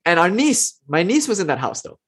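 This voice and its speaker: A man's voice: high voice, very animated, a little fast, a bit bright, husky. Man telling spiritual stories casually. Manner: conversational, often checks in with the listeners. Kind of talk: casual spiritual storytelling talk.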